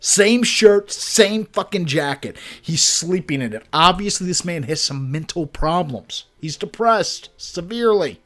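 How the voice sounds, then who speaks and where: Animated, sarcastic male streamer. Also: high-pitched, a little slow, few pauses. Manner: sarcastic, swears freely. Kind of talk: casual gameplay commentary.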